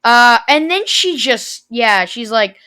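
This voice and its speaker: A teenage girl with a bright, somewhat high voice rambles through a personal story for her vlog. Her talk is casual, emotional and full of fillers. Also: lively intonation, slow pace, clear, resonant tone. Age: teens. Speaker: vlogger.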